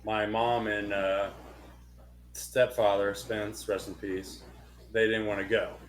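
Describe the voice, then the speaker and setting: A young man co-hosting a podcast, telling a long story in casual chat, animated and swearing freely. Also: on the low side, slow pace. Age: young adult. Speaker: podcast co-host.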